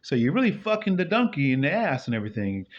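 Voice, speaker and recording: A man reads scripture while adding loose, profane, rambling commentary, muttering low before bursting up high. His pitch swings widely and his pace is quick, captured in a dull lo-fi recording.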